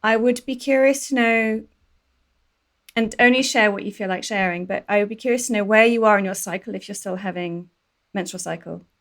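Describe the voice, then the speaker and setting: A woman, a guest on a podcast, giving thoughtful health advice and asking gentle, curious questions. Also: medium pitch, fairly quick. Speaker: perimenopause doula, guest. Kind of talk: calm advice in an interview.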